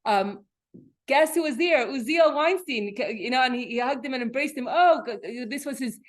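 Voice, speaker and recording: A woman teaching a Torah class in a casual, animated way, telling personal stories and often restarting her phrases. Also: high-pitched, normal speed.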